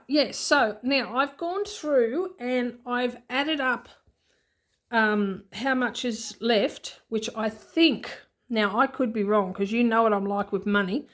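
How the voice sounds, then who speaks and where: Chatty Australian woman, slightly high voice. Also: fairly bright tone. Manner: chatty and rambling, repeats herself, self-correcting. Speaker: budgeting vlogger. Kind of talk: casual unscripted vlog chat. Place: at home with her cat nearby.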